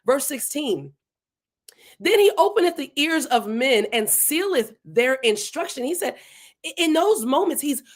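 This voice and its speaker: Animated woman leading a Bible study. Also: sits high, unhurried. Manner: casual, animated, acts out dialogue between speakers. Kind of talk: verse-by-verse Bible study teaching.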